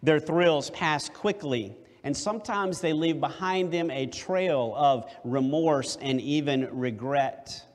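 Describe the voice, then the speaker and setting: A man preaching a sermon, deliberate and emphatic, with rhetorical questions. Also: on the high side. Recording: long hall reverb.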